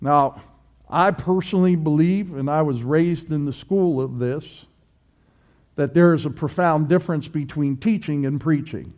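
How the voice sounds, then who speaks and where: A man's voice: fairly high pitch, a little slow, darkish tone, highs cut off. A male pastor preaching an emphatic sermon, repeating his points and asking rhetorical questions.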